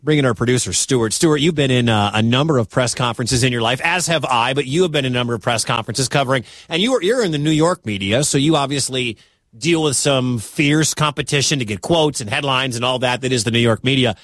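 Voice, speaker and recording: A man from the American Midwest hosting a sports talk radio show, talking in an animated, incredulous, conversational way. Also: medium pitch, fast talker, no room sound, studio quality.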